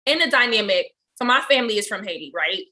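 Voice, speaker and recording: Animated, bright-voiced woman podcast host. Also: medium pitch, quick pace. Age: 30s. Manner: animated, expressive storyteller; laughs often while talking. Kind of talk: casual conversation.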